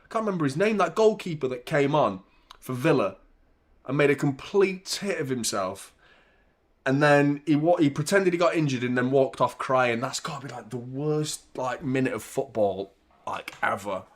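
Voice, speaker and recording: A young man hosting a live football watchalong, chatting casually with viewers and shouting out at big moments. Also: mid-range voice, moderate pace. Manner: laid-back chat that jumps to loud excited reactions. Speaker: watchalong host.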